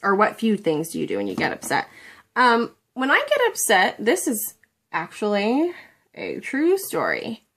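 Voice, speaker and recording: A woman's voice: mid-range voice, huge pitch swings, a little slow, creaky, a bit bright. A middle-aged woman chatting casually to the camera at home, rambling and a little self-deprecating. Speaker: beauty vlogger.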